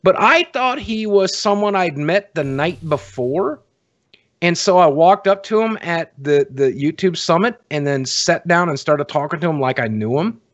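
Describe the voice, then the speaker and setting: Man, podcast guest, somewhat high voice, dry close mic, crude, self-mocking. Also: animated, normal speed, dry recording, highs cut off. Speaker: guest panelist. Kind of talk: casual podcast banter.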